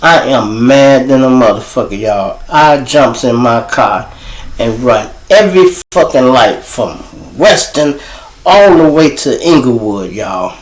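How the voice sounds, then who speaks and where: A man telling casual, profane street stories as host, animated and swearing freely. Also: unhurried, reverberant, low-quality recording. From Chicago. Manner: animated, profane, jumps to high voices for quoted people. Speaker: storyteller host.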